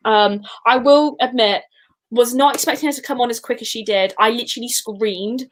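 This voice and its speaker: A woman's voice: a little high, moderate pace. A woman co-hosting a casual fan chat, gushing and emotional as she rambles. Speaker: podcast co-host; teacher.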